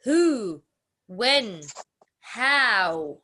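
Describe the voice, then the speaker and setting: Very slow, bright-voiced woman teaching grammar. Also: fairly high pitch, very animated. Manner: drills phrases with repetition and exaggerated question intonation. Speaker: English teacher. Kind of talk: slow classroom grammar lesson.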